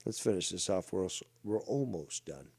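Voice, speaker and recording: A man's voice: sits low, animated, normal speed, creaky, dark tone, husky, no room sound. A man from Ontario, hosting a ranting commentary show with a mocking, profane, insulting manner. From Ontario, Canada.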